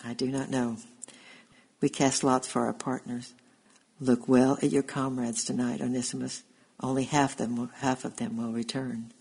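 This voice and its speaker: Storybook role: male reader plays a soft-spoken, sad gladiator, slow and gravelly, with a foreign lilt. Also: mid-range voice, level tone, rough recording. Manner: speaks slowly with a foreign accent. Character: gentle sad giant gladiator, grown man, captive from afar.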